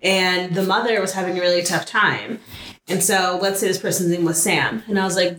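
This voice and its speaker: A woman co-hosting a casual podcast chat, speaking in a quick, supportive way as she shares anecdotes. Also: on the low side, a bit bright. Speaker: podcast co-host. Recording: echoey room with faint noise.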